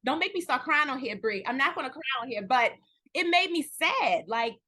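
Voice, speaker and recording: A woman, an actress, chatting candidly in an interview, telling stories with lively acted-out quotes and at times close to tears. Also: sits high, normal speed. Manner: animated storytelling, acts out quoted dialogue, near tears at times. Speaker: guest actress.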